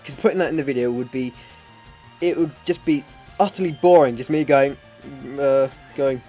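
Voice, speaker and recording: A man's voice: fairly high pitch, moderate pace, warm tone, soft background music. Rambling man commentating a game. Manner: rambling, self-deprecating humor. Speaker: Let's Play commentator.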